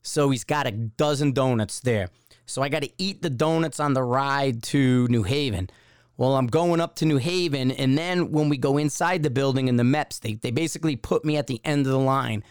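A man's voice: mid-range voice, normal speed, clear, resonant tone, dry recording, studio quality. Rambling man telling a war story. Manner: rambling anecdote with acted-out quotes. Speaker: podcast host. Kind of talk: casual storytelling.

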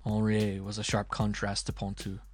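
A man narrating an audiobook in a deliberate, dramatic storytelling manner. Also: lowish voice, monotone, faint music behind. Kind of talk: audiobook reading.

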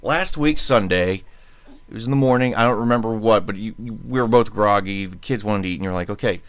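A man's voice: fairly low pitch, a little fast, clean tone, dry recording. A man hosting a podcast in a casual chat, telling rambling stories with lots of fillers and sometimes mimicking other voices. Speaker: podcast host, former radio worker.

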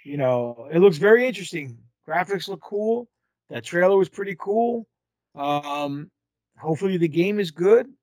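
A man hosts a relaxed podcast conversation, steering it with questions and hesitant ums. His voice sits fairly high for a man, recorded close and dry. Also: normal speed, dry recording. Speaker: podcast host. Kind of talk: casual chat.

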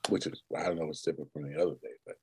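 A man's voice: a bass voice, fairly even intonation, rapid-fire, slightly rough. A man co-hosting a podcast, joking around in casual banter and swearing freely. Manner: profane, joking, laughs often. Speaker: podcast co-host.

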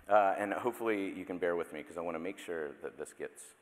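In a church sanctuary, a deep-voiced man in his thirties preaches fast with hardly any pauses. His sermon is conversational, sprinkled with playful asides and self-interruptions, and the large hall gives it a long reverb.

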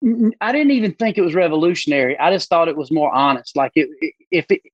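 Brief: male podcast guest, animated storyteller, higher voice, muffled lo-fi recording. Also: quick pace, no room sound. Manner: animated storyteller who acts out quoted voices. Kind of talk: casual podcast conversation.

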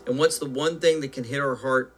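A man hosting a podcast, talking earnestly with halting pauses and fillers, then leading a spoken prayer. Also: mid-range voice, fairly even intonation, faint music behind. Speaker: podcast host.

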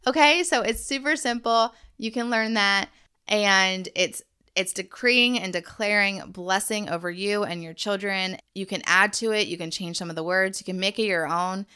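A woman's voice: mid-range voice, normal speed, bright, forceful tone, smooth. A woman in her thirties hosting a solo podcast from home. She coaches parents in an earnest, encouraging, faith-based way. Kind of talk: casual solo podcast talk.

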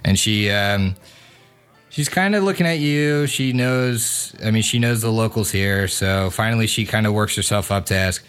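Low-voiced male game master. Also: moderate pace, fairly bright tone, smooth, faint music behind. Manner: casual, hesitant with fillers. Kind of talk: narrating a tabletop game.

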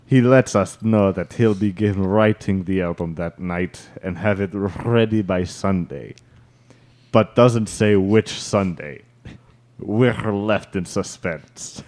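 Podcast guy reading a fan story out slow, dry deadpan delivery. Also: low voice. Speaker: podcast host. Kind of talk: reading out a listener story, casual chat.

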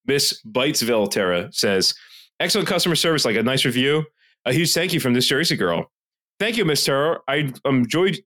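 A Philadelphia-area man co-hosts a casual podcast, ranting, swearing a lot, and reading reviews aloud. His mid-range voice is bright and forceful.

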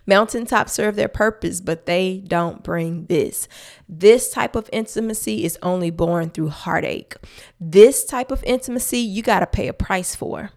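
A woman's voice: on the low side, a little slow. A woman hosting a faith-based podcast, talking earnestly and emphatically straight to her listeners. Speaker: podcast host.

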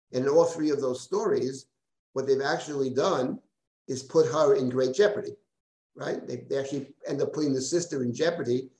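A man with a medium-pitched, darkish voice teaches a live Bible class as a rabbi, lecturing and taking questions in a roomy, echoing space. He thinks aloud, restarts often and keeps checking in with "right?"

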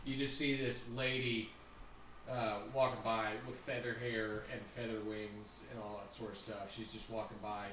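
A man's voice: lowish voice, little pitch movement, moderate pace, a bit bright, far from the mic, slight background noise. A man narrating a tabletop game as game master in a loose, joking way. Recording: very echoey room, voice off-mic.

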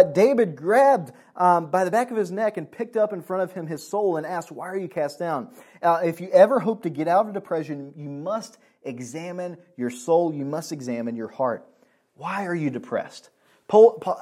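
A man's voice: fairly high pitch, a little mellow. Earnest young man preaching a sermon. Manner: earnest, emphatic preaching with frequent fillers. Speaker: pastor.

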